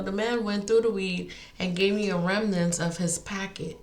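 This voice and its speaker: A woman's voice: fairly low pitch, moderate pace, hardly any pauses. Feisty woman vlogging in an echoey room. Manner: animated, feisty, talks in bursts with restarts. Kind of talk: casual storytelling monologue.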